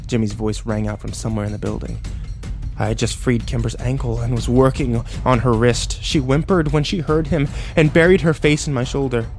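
A man's voice: mid-range voice, fairly even intonation, a little fast, faint music behind. Man narrating a tense first-person story.

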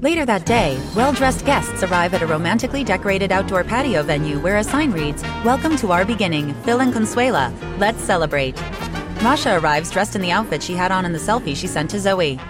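A woman reading scripted audio description in an even, measured voice. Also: medium pitch. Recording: music playing behind.

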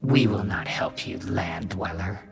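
A man voicing a chorus of cold, ancient merfolk, speaking slowly and solemnly in a deep, echoing voice. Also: gravelly. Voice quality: deep echoing voice like whale song. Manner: slow, solemn and unforgiving.

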